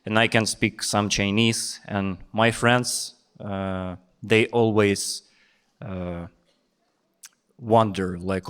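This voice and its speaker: A young man with a Ukrainian accent doing deadpan stand-up comedy on a stage. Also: fairly low pitch, very slow, clear, resonant tone. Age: young adult.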